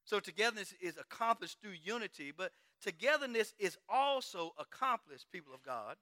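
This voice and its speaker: A man delivers a sermon in a church, his voice pitched very high with a sharp, bright edge. He presses his points with one rhetorical question after another. The sound is dry and close. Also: animated, normal speed, no room sound. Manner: emphatic, repeated rhetorical questions. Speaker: preacher.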